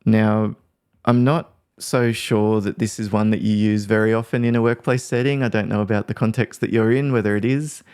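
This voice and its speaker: Low-voiced man explaining casually. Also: steady tone, normal speed, a little mellow, clear, resonant tone. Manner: conversational, thinks aloud, acts out example phrases. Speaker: workplace mediator and trainer.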